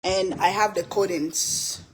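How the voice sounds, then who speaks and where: A woman's voice: on the low side, fairly even intonation, slow pace. A middle-aged woman hosting a casual live cooking chat in her home kitchen, playful and laughing often. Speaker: cooking channel host.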